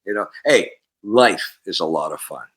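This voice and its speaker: Low, husky, and at normal speed, this voice belongs to a Canadian musician in his sixties. He tells stories as a guest in a relaxed interview, getting animated and performing the different voices, and the recording quality is low.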